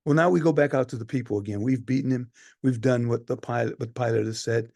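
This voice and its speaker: A man performing a one-man play as a weary Roman centurion, telling the story in a dramatic monologue that swings from hushed to loud. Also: medium pitch, fairly even intonation, quick pace, creaky, no echo.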